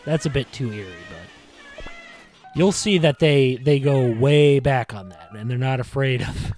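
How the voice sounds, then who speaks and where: A man talks through his podcast episode in a loose, rambling way, padding his sentences with "like" and "you know". His voice sits at an ordinary middle pitch, and faint music plays underneath. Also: a little mellow. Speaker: podcast host. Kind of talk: casual retrospective monologue. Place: in front of a green screen.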